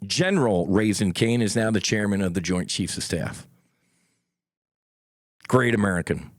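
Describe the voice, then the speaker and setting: Man, middle-aged podcast host, blunt and combative, swearing, lively swooping pitch, dry close studio sound. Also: moderate pace, dry recording. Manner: blunt, combative, profane, folksy asides to listeners. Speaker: podcast host, former Navy fighter pilot. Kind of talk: solo podcast commentary.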